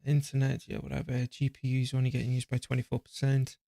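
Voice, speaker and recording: A man's voice: mid-range voice, completely flat delivery, quick pace, gravelly, dark tone, no room sound, studio quality. A man streaming a strategy game live, chatting away casually, poking fun at himself and talking back to his computer and the game as he plays. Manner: chatty, self-deprecating, talks to his PC and game while playing. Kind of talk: live gameplay commentary.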